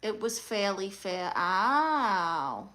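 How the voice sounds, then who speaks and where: Bright-voiced woman with a New York accent. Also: medium pitch, very slow, poor audio. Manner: dry, deadpan quips. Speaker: livestream host playing an aunt. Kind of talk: comedic livestream chat reading comments.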